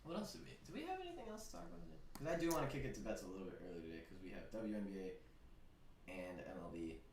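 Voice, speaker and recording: An animated young man co-hosting a casual sports talk show, swearing freely as he tells a story. His pitch moves a great deal. He sounds set back from the mic in an echoey room, with faint background noise. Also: racing, gravelly. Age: 20s. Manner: animated storyteller, swears and laughs while retelling. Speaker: sports betting podcast co-host. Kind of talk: casual chat. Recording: roomy, distant mic with faint ambience.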